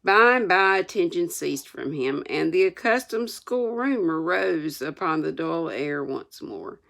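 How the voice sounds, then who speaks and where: Older woman, slow unhurried reading, gravelly fry, low voice, chatty asides. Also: expressive, a bit bright. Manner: homespun, chatty asides between passages. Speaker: storyteller. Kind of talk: reading a classic novel aloud with asides.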